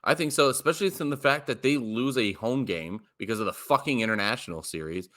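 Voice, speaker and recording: A man's voice: medium pitch, animated, fast, a bit bright. A young man co-hosting a podcast, ranting in casual chat, swearing and stumbling over his words when heated. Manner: heated, profane, stammering restarts. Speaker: podcast co-host. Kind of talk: casual sports rant.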